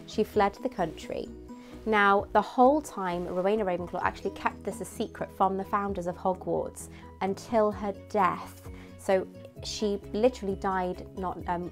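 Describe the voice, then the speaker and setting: A woman's voice: medium pitch, darkish tone. Giggly woman gushing over a prop. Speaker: vlogger reviewing a prop replica. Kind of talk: casual product review chat.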